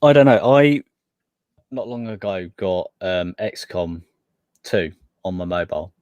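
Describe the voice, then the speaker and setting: A man's voice: low-pitched, expressive, unhurried, darkish tone, clean tone, dry recording, lo-fi sound. A man co-hosting a gaming podcast, hesitant, often trailing off and restarting. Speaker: podcast co-host. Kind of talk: casual chat.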